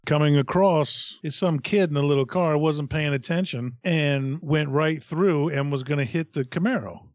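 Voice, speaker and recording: A middle-aged man, a podcast co-host, telling a profane, animated story in casual chat. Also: fairly high pitch, moderate pace, dry recording, highs cut off.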